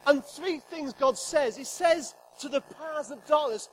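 A man's voice: extremely high pitch, measured pace, slight background noise, rough recording. A middle-aged man preaching a sermon to a congregation, joking with them and acting out God's voice with emphasis. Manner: humorous, emphatic, acts out God's voice. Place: church hall with congregation.

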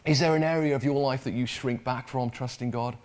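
A man delivers a sermon in a loose, conversational way. His voice sits at an ordinary middle pitch, and he often doubles up on words and asks his listeners questions as he goes. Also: fairly even intonation, brisk, a little mellow. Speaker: preacher.

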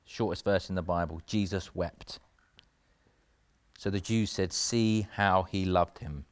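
A man's voice: sits low, steady tone, measured pace. A man preaching a sermon in an earnest, conversational way, with self-mocking asides.

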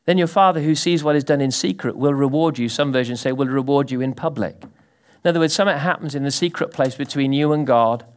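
A man preaching a sermon to a congregation, animated and full of sudden rises and drops, often asking the listeners questions. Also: medium pitch, quick pace, few pauses. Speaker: pastor.

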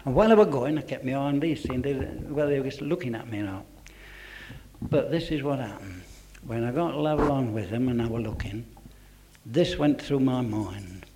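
A man telling his church testimony to a congregation, earnest, dropping to a hush for quoted voices. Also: mid-range voice, normal speed, noisy background.

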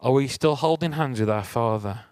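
A slightly mellow male voice of medium pitch moves at a moderate pace in a dry recording. The church speaker gives a chatty sermon, recounting a personal story while asking the congregation rhetorical questions.

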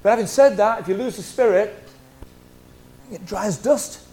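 A male pastor, preaching a lively, conversational sermon full of humorous stories. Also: high-pitched, moderate pace. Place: church hall.

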